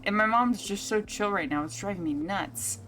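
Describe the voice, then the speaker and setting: A woman's voice: medium pitch, moderate pace, a bit bright, slight background noise, natural voice, poor audio. Woman voicing a wry, anxious best friend. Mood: worried. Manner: chatty, wry.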